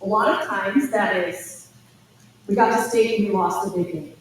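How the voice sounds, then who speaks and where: A woman's voice: mid-range voice, normal speed. Woman, admissions speaker, chatty storytelling, distant mic, faint background hiss. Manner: chatty, animated storytelling with asides. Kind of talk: informal presentation to parents and students. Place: school auditorium. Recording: echoey hall from far off, faint noise.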